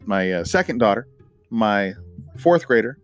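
A man's voice: lowish voice, animated, unhurried, faint music behind. A middle-aged man hosting a podcast, wrapping up in a casual, rambling way with lots of fillers and playful rhymes. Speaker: podcast host.

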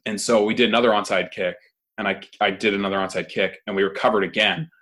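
A young man telling a story in casual chat, relaxed. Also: lowish voice, fast.

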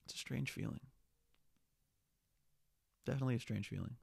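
With a husky, gravelly mid-range voice at a moderate pace, a young man rambles through a casual solo episode of his podcast. There's no echo; he curses often, seems restless, and sniffles a little.

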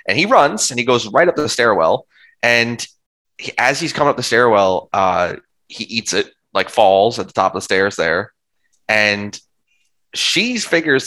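A man's voice: medium pitch, animated, moderate pace, sharp tone, poor audio. A man co-hosting a podcast, retelling film scenes in casual chat, rambling with lots of "like". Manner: rambling, full of "like" and restarts. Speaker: podcast co-host.

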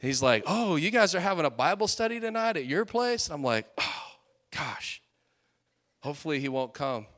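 Fiery high-voiced young preacher. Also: male voice, sing-song, moderate pace. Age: late 20s. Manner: fiery, rising to loud peaks, then dropping to storytelling asides. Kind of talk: sermon.

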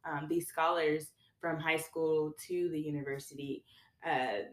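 A young woman with a notably low voice, talking casually as a podcast guest. She tells stories with animation and jumps her voice way up when she acts out what others said. The room around her rings with echo. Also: unhurried. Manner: animated storyteller, acts out quotes with pitch jumps. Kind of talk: casual conversation. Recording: echoey room.

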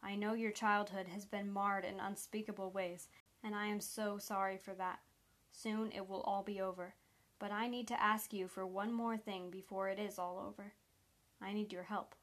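Male agent, calm, gentle, persuasive, woman narrator, level pitch. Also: normal speed, lightly acted.

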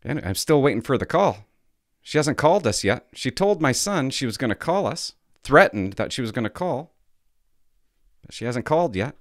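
A man's voice: mid-range voice, sing-song, normal speed, no room sound, clean studio sound. A father in his thirties casually telling a story and ranting, with rhetorical questions and some swearing. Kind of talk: casual chat.

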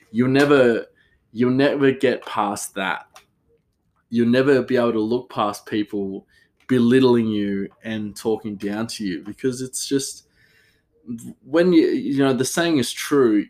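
A man, a cook, talking in a meandering, animated way and laughing often. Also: on the low side. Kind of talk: casual rambling monologue.

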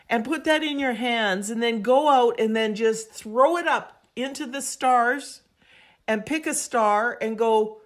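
A woman guest on a podcast, telling an animated, emphatic story and acting out voices as she goes. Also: a little high, unhurried. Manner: acts out quoted voices, expressive and emphatic.

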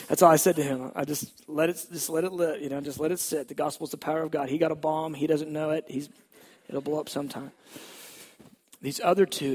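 A man telling a personal faith testimony in a conversational way, sometimes dropping to a hush. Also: on the high side, steady tone, a little fast, breathy edge. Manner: conversational storytelling, drops to hushed tones at tender moments. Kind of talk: testimony story.

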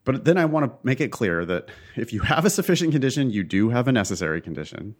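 A man's voice: medium pitch, big pitch swings, quick pace. A man co-hosting a casual tutoring chat, explaining logic terms emphatically and bluntly, checking in with his listener. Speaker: co-host tutor.

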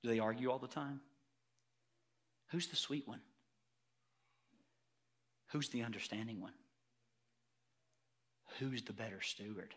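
A man preaching a sermon emphatically and loudly, repeating words for emphasis. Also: medium pitch, a little slow, pauses often. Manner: emphatic, loud, repetitive preaching.

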